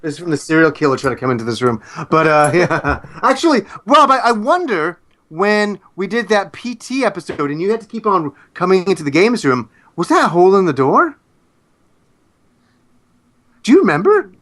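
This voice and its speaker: A man's voice: sits high, big pitch swings, moderate pace, fairly bright tone. A middle-aged man, born in Yorkshire but living in Canada, chatting casually and laughing often as a podcast co-host. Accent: none, mostly North American after moving to Canada. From Yorkshire, England.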